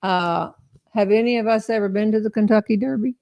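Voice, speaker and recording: A woman's voice: mid-range voice, fairly quick, a little mellow, dry recording. Chatty woman host, dry sound. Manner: chatty, laughing, reads viewer questions aloud. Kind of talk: casual live chat show.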